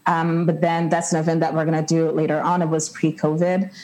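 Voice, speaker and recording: Low, warm-voiced woman on a panel. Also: little pitch movement, brisk, slight background noise, low-quality recording. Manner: thoughtful, frequent "like" fillers. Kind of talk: reflective panel discussion.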